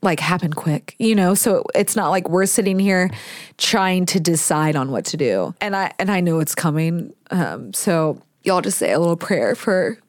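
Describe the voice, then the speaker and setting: A woman's voice: on the low side, animated, normal speed, no echo, studio quality. A woman, hosting a podcast and telling stories in a casual, chatty way. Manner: chatty storyteller with Southern "y'all", swearing and laughs. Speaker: podcast host. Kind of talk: casual chat.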